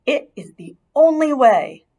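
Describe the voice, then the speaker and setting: A plucky young boy mouse from a storybook, read by a woman, speaking earnestly and a bit grandly about his mission. The voice is slightly husky and moves up and down a lot. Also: sits high, very animated, measured pace, warm tone, pitched above the performer's own voice, heavily acted. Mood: staunch, determined. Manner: earnest, staunch, a little dramatic. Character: brave determined young male mouse.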